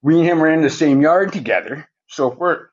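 Slightly high and a little fast, this man's voice has a breathy edge, and the audio is dull. Appearing as a podcast guest, he tells rambling, casual stories, swears all the time, and ends his sentences with "right?".

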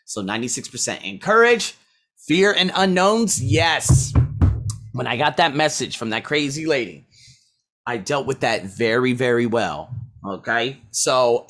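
A man's voice: medium pitch, fairly bright tone. A man who teaches, talking through a casual weekly self-review, rambling and blunt, swearing freely as he scores himself aloud.

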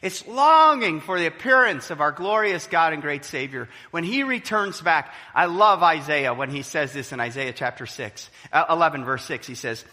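Pastor, male, bright and animated pulpit delivery in a reverberant church hall. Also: fairly high pitch, moderate pace, hardly any pauses. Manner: animated preaching, acts out quoted voices. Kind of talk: sermon.

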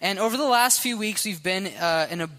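A man on church staff leading a casual youth sermon, relaxed and chatty with many fillers. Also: sits high, brisk, long reverb tail. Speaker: youth pastor. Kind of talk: casual sermon with group sharing.

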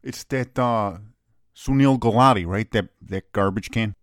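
A man's voice: lowish voice, a little slow, dry recording, studio quality. A man with a brash, profane, opinionated way of talking, casually co-hosting a soccer chat. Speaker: soccer podcast co-host.

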